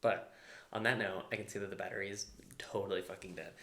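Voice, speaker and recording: A man's voice: sits low, fairly even intonation, fast, fairly bright tone. A man co-hosting a podcast in loose, rambling casual chat, swearing and restarting sentences. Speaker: podcast co-host. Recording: echoey room.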